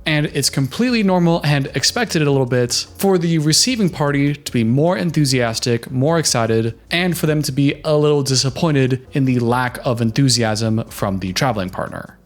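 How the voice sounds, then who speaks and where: A man's voice: medium pitch, lively intonation, moderate pace, few pauses. A man doing casual reaction commentary, chatty and opinionated, giving relationship advice.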